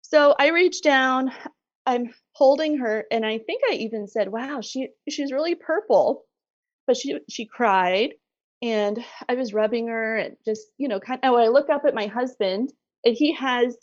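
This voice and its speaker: Animated woman retelling a birth story. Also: fairly high pitch, moderate pace, dry recording, dull audio. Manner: animated retelling, laughs often, acts out quoted voices. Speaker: guest, bereaved mother. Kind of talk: conversational storytelling.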